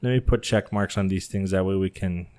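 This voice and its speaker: A man's voice: deep voice, brisk, mellow. A man co-hosting a casual podcast, rambling and joking through the chat. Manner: rambling, joking, talks over co-host. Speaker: podcast co-host.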